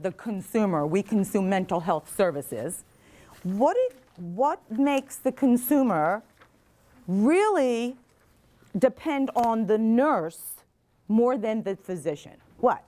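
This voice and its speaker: A middle-aged woman with a medium-pitched, somewhat dark voice speaks earnestly to nursing students in a classroom or lecture hall. She's a mental health advocate giving a motivational talk, putting questions to the class and repeating their answers back.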